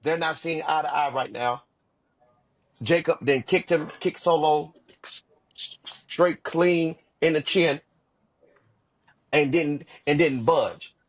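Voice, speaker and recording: Husky man recapping wrestling. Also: fairly high pitch, slow pace, pauses often. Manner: animated storytelling with repeated restarts. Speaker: podcast co-host. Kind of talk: casual wrestling recap chat.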